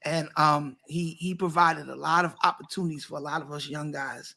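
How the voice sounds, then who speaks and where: A man who is a pastor, hosting a casual talk show and warmly bringing guests to the stage. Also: a little high, moderate pace, creaky. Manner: lively, hypes up guests. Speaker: pastor and host.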